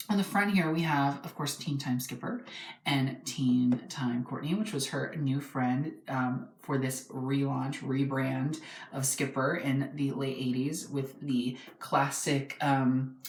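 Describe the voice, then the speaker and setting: A man hosting a casual toy review vlog from his home, eager and talkative, often pausing on an um before rushing ahead. His voice rings off the walls of a bare, echoey room. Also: medium pitch. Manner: excitable and chatty, with frequent ums.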